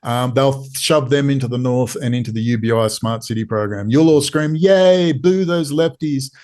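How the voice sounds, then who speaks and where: A man's voice: medium pitch, steady tone, brisk, darkish tone. A man with an Australian accent, a podcast guest, talking in an urgent, pleading way and hammering points home through repetition. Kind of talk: impassioned interview talk.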